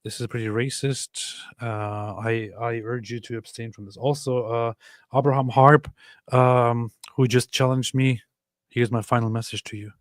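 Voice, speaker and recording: A man's voice: mid-range voice, fairly even intonation, normal speed, dry recording, clean studio sound. A man hosting a live-stream, chatting casually and sarcastically while reading chat messages. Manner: rambling, sarcastic, lots of fillers. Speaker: stream host.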